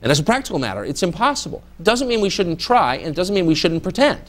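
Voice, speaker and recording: His voice high-pitched with big pitch swings and a quick pace, a middle-aged man who is a visiting journalist answers students' questions candidly and sardonically, imitating people in mock voices during the audience Q&A.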